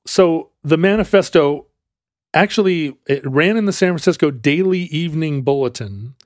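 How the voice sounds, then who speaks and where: A man's voice: on the high side, animated, moderate pace, no room sound, studio quality. A man co-hosting a podcast who tells a history story in a casual, rambling, jokey way with many fillers.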